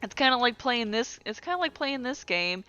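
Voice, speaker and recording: A young woman co-hosting a casual gaming chat, animated and swearing freely. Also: on the high side, a little fast, no room sound, faint music behind. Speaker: co-host. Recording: dull lo-fi mic.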